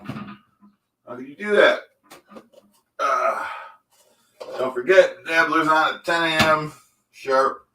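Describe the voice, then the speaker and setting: A man's voice: on the high side, takes it slowly, long pauses, noisy background. A man playing a pompous, touchy middle-aged man who cooks eggs on a live stream, rambling and insisting on his own facts. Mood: blustering. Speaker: livestream host in character. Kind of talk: improvised character comedy stream.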